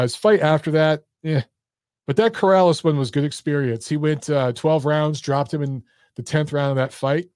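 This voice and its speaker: Blunt, profane male host, a touch high-pitched, voice going hoarse, dead-dry close mic. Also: a little mellow, dry recording. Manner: blunt, profane, talks straight to viewers. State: losing his voice. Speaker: boxing show host. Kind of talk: casual live-stream chat.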